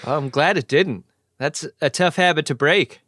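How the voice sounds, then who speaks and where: A man's voice: on the high side, normal speed, fairly bright tone. A man co-hosting a podcast, teasing his partner in casual comedic banter. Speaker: podcast co-host.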